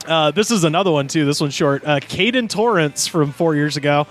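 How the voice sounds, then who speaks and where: High-voiced man joking through comments. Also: brisk, soft background music. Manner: reads comments aloud in mocking voices, laughs often. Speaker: podcast co-host. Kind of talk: casual comedic chat.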